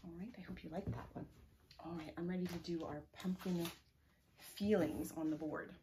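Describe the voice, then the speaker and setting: A woman librarian leading a preschool story time, reading aloud slowly in a sing-song way and often dropping to a soft whisper. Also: on the low side, steady tone, slight background noise. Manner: leads rhymes and chants with children. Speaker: children's librarian. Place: public library.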